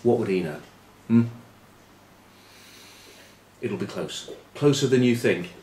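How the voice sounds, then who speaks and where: A middle-aged man with a lowish voice tells rugby anecdotes with dry, self-mocking humour, his voice often dropping into quiet asides. He is recorded in an echoey room with faint ambient noise behind him. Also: animated, slow. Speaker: rugby pundit. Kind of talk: anecdotal storytelling preview.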